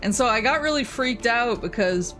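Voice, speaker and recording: A woman's voice: a little high, animated, normal speed, fairly bright tone, soft background music. A young woman streamer chatting casually while playing a game, telling rambling stories and laughing often.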